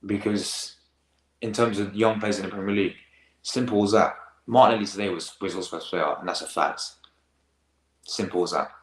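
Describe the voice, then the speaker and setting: Teen male streamer, deep voice, rambling slangy chat, echoey room. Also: fairly even intonation, moderate pace, pauses often. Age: teens. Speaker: football reaction host. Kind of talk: casual live-stream chat.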